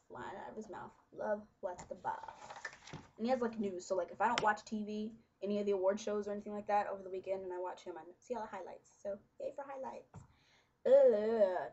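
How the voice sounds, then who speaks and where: A young woman chatting casually to her webcam, full of fillers and quick laughs. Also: mid-range voice, darkish tone, slightly rough, dull audio. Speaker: vlogger. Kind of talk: casual chat.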